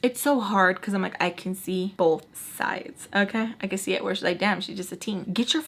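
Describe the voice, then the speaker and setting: A young woman vlogger chatting through a casual storytime, full of "like" fillers and sudden jumps in pitch as she acts out what people said. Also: moderate pace, vocal fry, fairly bright tone. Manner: lots of "like" fillers, swears casually.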